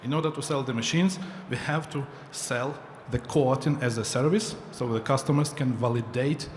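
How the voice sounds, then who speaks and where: A man explaining his startup's business model in a steady way during a stage pitch. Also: moderate pace, slight background noise. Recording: distant voice in echoey hall.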